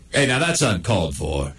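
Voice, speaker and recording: Un hombre haciendo de un perro sarcástico y gruñón. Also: male voice, medium pitch, fairly bright tone. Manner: sardonic, self-pitying and crude. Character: grumpy male dog wearing a cone, sarcastic. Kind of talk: comedic inner monologue.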